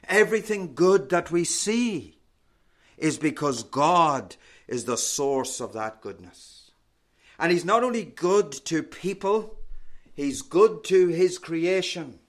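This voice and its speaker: A man delivering a sermon at a very unhurried pace. His voice sits a little high for a man, and each phrase is measured and deliberate, dropping low and soft at the close. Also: expressive. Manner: slow, deliberate preaching with falling phrase endings. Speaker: preacher.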